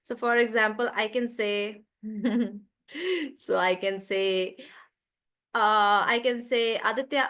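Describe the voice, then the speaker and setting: A woman's voice: medium pitch, lively intonation, measured pace, a bit bright. A young woman with an Indian English accent teaching an online English class, chatty, giving example sentences and stories.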